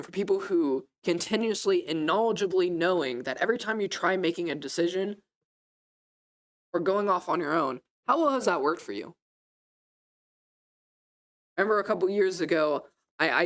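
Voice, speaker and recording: A young adult student preaching a sermon in a classroom, telling the story in a casual, conversational way with fillers. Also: mid-range voice.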